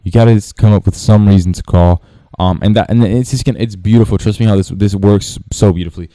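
Deep mellow man coaching sales. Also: fairly even intonation, quick pace, dry recording. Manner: rambling, many restarts and fillers. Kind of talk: casual talking-head tutorial.

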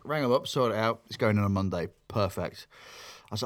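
A man's voice: medium pitch, brisk, fairly bright tone. A young man telling stories in a rambling, casual podcast chat, restarting his sentences often. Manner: rambling storytelling with restarts and laughs. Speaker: podcast co-host.

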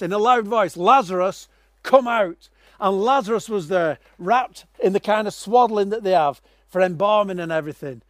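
A man preaching a sermon, telling stories dramatically and swinging from quiet, low passages to loud, raised ones. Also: dry recording.

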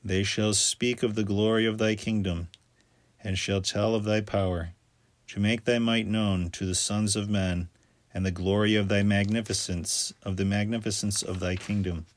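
A man reading scripture aloud in a steady, measured recitation. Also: on the low side, no echo. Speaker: scripture reader.

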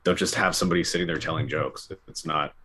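A man's voice: a bass voice, steady tone, fast, pushed and bright, slight background noise. A man co-hosting a podcast, giving blunt, opinionated takes on a movie in casual chat. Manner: opinionated, laughs between points. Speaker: podcast co-host.

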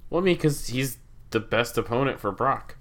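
A man's voice: mid-range voice, lively intonation, moderate pace, fairly bright tone. A man co-hosting a casual wrestling chat, laid-back and agreeable, chuckling often. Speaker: podcast co-host.

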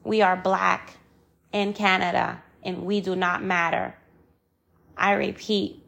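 A woman's voice: medium pitch, flat delivery, takes it slowly, creaky, long pauses, a bit bright. A woman in a personal vlog monologue, angry and frustrated, talking with passion, repeating phrases for emphasis and swearing freely. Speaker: vlogger.

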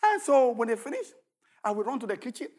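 A man preaching a sermon as pastor, shouting at the peaks and telling stories with a lively, swooping delivery. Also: very high-pitched, fast.

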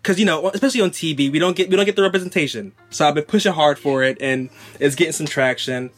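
A man hosts a podcast interview, speaking in an earnest, conversational way. His voice sits a little higher than most men's. Faint music plays behind him. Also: fast. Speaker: podcast host. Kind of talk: casual interview.

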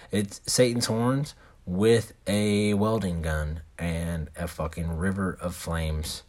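A young man rambles through a story in casual, laid-back talk, his speech slangy and thick with swearing. His voice sits low with a darkish tone.

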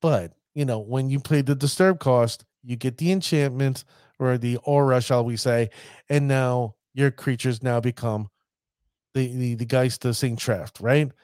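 A man hosting a casual podcast, talking like a showman with hype and drawn-out emphasis. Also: medium pitch, fairly even intonation, a little mellow, no echo, clean studio sound. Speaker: podcast host.

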